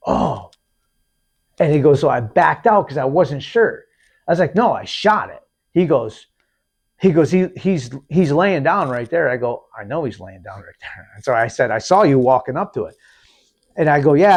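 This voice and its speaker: Man, podcast host, casual storyteller, animated, slightly high voice. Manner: animated, acts out quotes, repeats and restarts.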